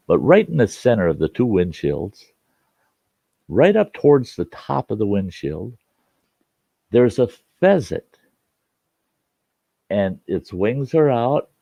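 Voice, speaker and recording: A man's voice: lowish voice, gravelly, warm tone, no room sound, dull audio. A man telling a folksy story in a rambling, casual way, hosting his own show and often restarting his sentences. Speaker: storyteller host.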